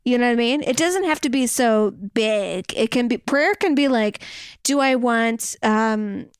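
A woman's voice: fairly high pitch, expressive, moderate pace, smooth, no echo, studio quality. A woman co-hosting a podcast in casual chat, talking loosely with plenty of "like" and "you know what I mean.". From half Welsh, half German heritage. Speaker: podcast co-host.

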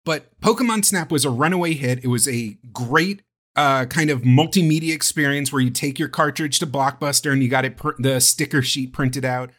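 A man hosting a casual podcast about video games, talking in an animated, rambling way and swearing freely. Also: medium pitch, moderate pace. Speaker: podcast host. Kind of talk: casual chat.

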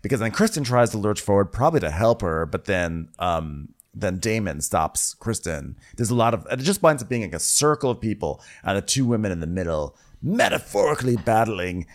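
Dude recapping a show, voice swings up and down a lot, hams up the character lines. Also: male voice, fairly low pitch, fairly quick, hardly any pauses. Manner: animated storyteller, mock-dramatic character quotes. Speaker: podcast co-host recapping a TV episode. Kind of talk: casual comedic recap chat.

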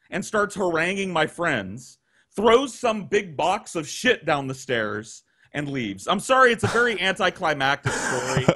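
Animated storytelling man, lively pitch. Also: breathy edge. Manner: animated, acts out quotes, profane. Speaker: guest storyteller. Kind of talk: casual storytelling on a podcast.

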